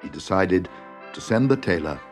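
A man reading a fairy tale aloud in an expressive, dramatic way. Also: deep voice, normal speed. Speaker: narrator. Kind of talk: storybook reading. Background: music.

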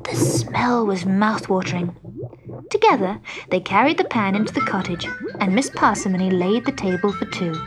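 A woman's voice: medium pitch, over music. Woman reading a storybook aloud. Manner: expressive, measured storytelling. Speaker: narrator.

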